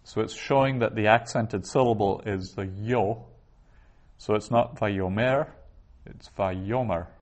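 A man teaching a class, explaining step by step in a patient way, with frequent pauses and restarts. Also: fairly low pitch, darkish tone. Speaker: Hebrew teacher. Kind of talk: classroom lecture.

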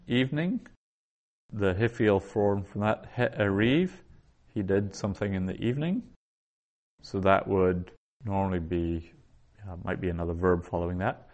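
A man teaching a class in a slow, deliberate lecture, spelling out each word and repeating it before he explains it. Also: fairly low pitch. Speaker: Biblical Hebrew teacher.

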